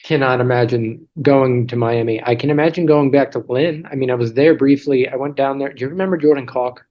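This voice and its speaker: A man's voice: mid-range voice, fairly even intonation, brisk, muffled recording. Chatty man on a video call. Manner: chatty, self-deprecating, many restarts and asides. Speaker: interview guest. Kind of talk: casual storytelling over a video call.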